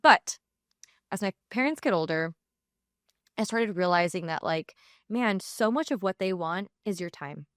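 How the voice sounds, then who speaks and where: A woman's voice: fairly low pitch, lively intonation, a little slow, pauses often, no room sound, studio quality. A woman in her thirties hosting a podcast solo, chatting casually and earnestly as she gives life advice, filling her talk with "like" and "you know.". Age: 30s. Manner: earnest, reflective advice-giving. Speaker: podcast host.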